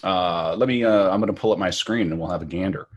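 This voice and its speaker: A man's voice: sits low, fast. A man hosting a podcast, chatting casually with dry, sarcastic jokes. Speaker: podcast host. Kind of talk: casual comedic chat.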